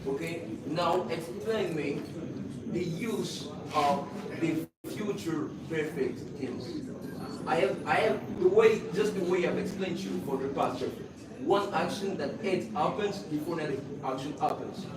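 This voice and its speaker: A fairly high-pitched man explains at length before he asks his question. He sounds far from the mic, in a strongly echoing room with heavy noise. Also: measured pace. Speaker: audience questioner. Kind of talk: questions at a live event.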